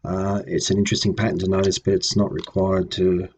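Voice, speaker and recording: A man giving a patient, methodical lesson on old language grammar, pausing with ums and correcting himself as he goes. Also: low voice, level tone, a little mellow, slight background noise. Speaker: language teacher. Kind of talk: explanatory lecture.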